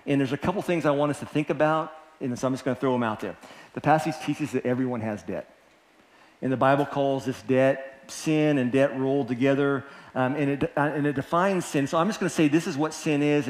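A male pastor gives a sermon, earnest and conversational, often repeating himself. His voice sits at an ordinary middle pitch for a man. The room around him is roomy and echoing. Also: a little fast. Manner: earnest preaching with repetitions and restarts.

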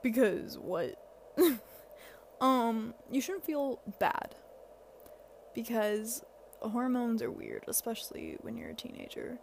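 A woman's voice: a little high, huge pitch swings, slow pace, vocal fry, long pauses, darkish tone, a little hiss or hum. A seventeen-year-old girl hosting a podcast, giving casual, rambling advice with lots of fillers and self-deprecating asides. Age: teens. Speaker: podcast host.

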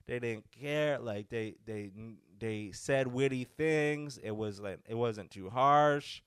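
Male podcast host, casual rambling storyteller, mid pitch, dry close sound. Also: slow, clean tone, no room sound. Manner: rambling, animated, with many restarts.

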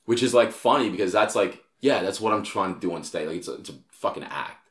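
A man's voice: fairly low pitch, lively intonation, fast talker, reverberant. A young Australian man in casual chat, a profane, rambling storyteller. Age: young adult. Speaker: comedian and podcast host.

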